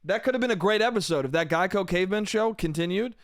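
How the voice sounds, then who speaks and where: He talks fast in a high-pitched, expressive voice, recorded at studio quality with no room sound. The young man hosts a comedy podcast alone, rambling, self-deprecating, swearing freely, and calling his listener dude and bro.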